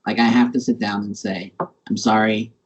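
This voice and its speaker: Husky, halting male podcast host. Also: lowish voice, level tone, highs cut off. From Montana, USA. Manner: halting, searching for words. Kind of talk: casual interview conversation.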